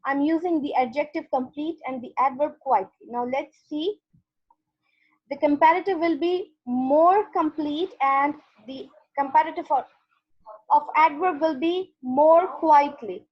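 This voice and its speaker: A woman with a high voice teaches grammar over an online class, talking her students patiently through each step. Her sound is dull and lo-fi, as from a computer mic on a call. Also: unhurried. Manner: patient, explains step by step with repeated "okay".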